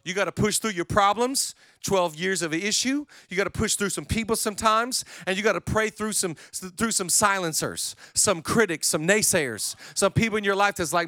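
Bright-voiced energetic male pastor. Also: high-pitched, brisk, few pauses, no echo, studio quality. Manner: energetic, conversational storytelling. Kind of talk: sermon.

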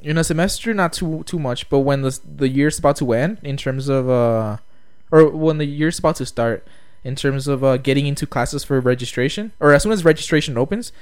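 A man's voice: medium pitch, a little fast, few pauses, clean tone, no room sound, clean studio sound. A young man co-hosting a podcast, rambling in casual chat with lots of fillers and laughter. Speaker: podcast co-host.

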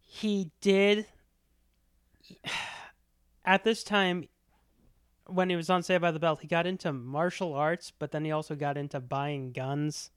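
A woman's voice: low-pitched, fairly even intonation, slow pace, long pauses, smooth, no room sound, studio quality. A woman co-hosting a podcast, telling a gossipy story in casual chat and swearing freely. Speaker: podcast co-host.

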